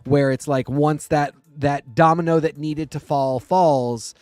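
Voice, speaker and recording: A man's voice: fairly high pitch, fairly even intonation, unhurried, a little mellow, smooth, no room sound. Catty, blunt man on a podcast. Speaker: podcast co-host. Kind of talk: casual chat.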